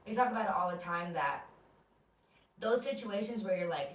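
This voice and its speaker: An American woman in her twenties hosts a podcast, telling her own stories in a casual monologue that's candid and animated, swearing without a second thought. Her lowish voice moves at a moderate pace and sounds a little distant from the mic, in an echoey room with faint noise behind her.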